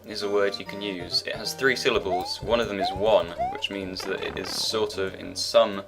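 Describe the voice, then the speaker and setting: A man's voice: on the low side, big pitch swings, moderate pace, over loud music. A man giving rambling, self-mocking commentary while he plays a video game, talking half to himself. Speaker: let's play gamer.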